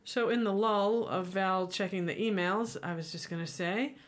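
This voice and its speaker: A woman's voice: medium pitch, normal speed. A woman co-hosting a podcast, telling stories and acting out the people she quotes. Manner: animated storyteller, acts out quoted people. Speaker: podcast co-host. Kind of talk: casual chat.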